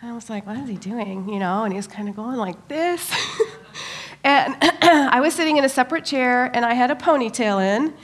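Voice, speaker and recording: Animated woman telling a story. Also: a little high, moderate pace. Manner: animated storytelling, many ums. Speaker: church speaker. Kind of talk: personal story in a church talk.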